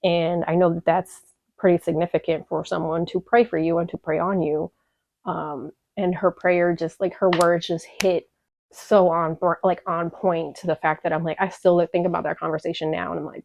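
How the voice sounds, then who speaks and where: Young woman, vlogger, candid and emotional, swears a lot, lowish voice, lo-fi sound. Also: little pitch movement, normal speed, vocal fry, darkish tone, no room sound. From Chicago. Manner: emotional, profane, rambling with many fillers. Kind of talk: candid personal storytelling. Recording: dull lo-fi dry audio.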